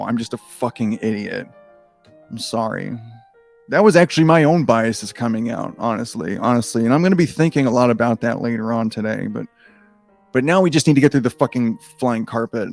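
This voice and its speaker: A man's voice: mid-range voice, brisk, gravelly, darkish tone, soft background music. A man reading a gamebook aloud on a close microphone, breaking off into rambling, swearing, self-deprecating asides. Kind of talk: casual reading with rambling commentary.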